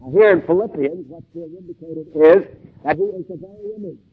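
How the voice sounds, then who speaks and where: A man giving an expository sermon in a measured, deliberate way, with emphatic stresses and pauses. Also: a little high, very animated, gravelly, husky. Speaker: preacher. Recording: tinny phone-like old tape recording.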